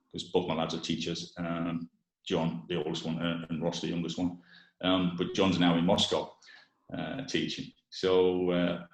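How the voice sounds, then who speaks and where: A man in his sixties, a former footballer, chatting casually as a podcast guest in a relaxed way with many restarts. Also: sits low, echoey room, low-quality recording. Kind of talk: casual chat.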